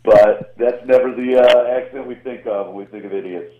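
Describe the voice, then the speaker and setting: A man's voice: mid-range voice, normal speed, echoey room. Southern man on a tinny phone line. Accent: slight Southern US. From Atlanta, US South. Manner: animated, laughing, self-mocking. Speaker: guest comedian. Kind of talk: casual interview chat.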